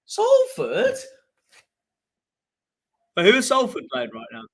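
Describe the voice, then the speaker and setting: Bright-voiced young man ranting through a watchalong. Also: on the high side, wildly swooping pitch, slow, pauses often. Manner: frustrated, ranting, swings between muttering and shouting. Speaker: football watchalong streamer. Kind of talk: live football watchalong commentary.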